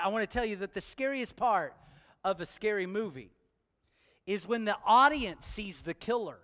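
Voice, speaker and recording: Man preaching, high voice, playful, long hall echo. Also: fairly bright tone. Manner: playful, talks straight to the congregation with questions. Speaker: pastor. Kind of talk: sermon. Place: church hall. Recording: long church hall reverb.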